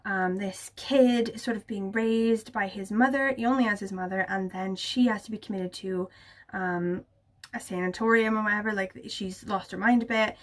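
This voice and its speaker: A woman's voice: medium pitch, steady tone, moderate pace. A young woman chatting casually to camera about books, gushing and full of filler words. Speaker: book vlogger.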